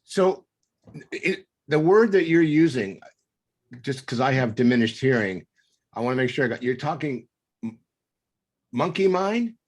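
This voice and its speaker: A man hosting a talk show who asks long, halting questions and restarts himself often. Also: mid-range voice, lively intonation, a little mellow. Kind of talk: interview questions.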